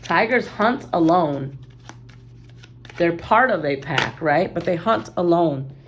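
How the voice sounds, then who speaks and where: A woman's voice: lowish voice, animated, takes it slowly, noisy background. A woman giving a casual tarot reading, talking playfully and straight to her viewers. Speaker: tarot card reader.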